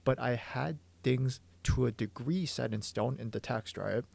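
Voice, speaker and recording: A man with a deeply gravelly, creaky voice walks through his drawing on a livestream, thinking aloud and tripping over restarts. He sounds hoarse, as if his voice is wearing thin, and the sound is close and dry with no room around it. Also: normal speed, hardly any pauses, a little mellow, no echo. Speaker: manga artist.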